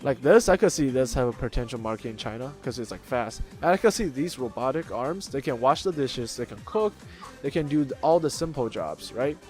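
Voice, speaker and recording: A man's voice: medium pitch, animated, a little fast, a little mellow. Guy chatting through memes, lots of uh and like, faint music under him. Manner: chatty explainer, frequent fillers and restarts. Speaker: YouTube host. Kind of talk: casual meme commentary.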